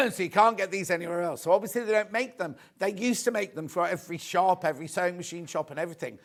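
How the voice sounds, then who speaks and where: A man's voice: sits high, fast talker. A man presenting live home shopping, chatty and rambling, poking fun at himself. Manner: chatty, rambling, self-mocking.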